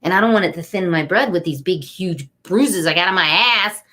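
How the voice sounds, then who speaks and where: A woman's voice: fairly low pitch, brisk, fairly bright tone. A middle-aged woman giving an inspirational card reading on a webcam live stream, chatty and upbeat, speaking straight to her viewers. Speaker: angel card reader.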